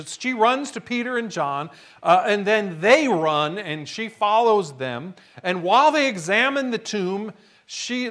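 A man's voice: fairly high pitch, sharp tone. A man preaching a sermon, retelling a story dramatically and acting out the quotes. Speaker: pastor.

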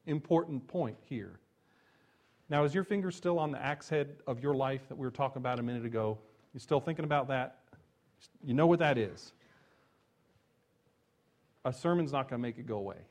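Animated man preaching a sermon. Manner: animated storytelling, rising to emphatic peaks then dropping low and quiet; chuckles between points. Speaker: pastor.

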